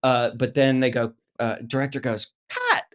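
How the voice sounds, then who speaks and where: A middle-aged actor telling a story as a guest, lively and full of restarts, acting out the voices of others. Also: male voice, mid-range voice, normal speed. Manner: lively anecdote teller, acts out quoted voices, many restarts. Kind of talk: animated storytelling.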